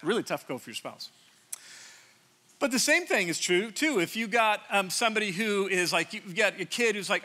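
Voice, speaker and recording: A man's voice: high-pitched, lively intonation, normal speed, bright, forceful tone. A man around sixty preaching a conversational sermon from a church stage, joking and self-deprecating, often restarting his sentences. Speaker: pastor.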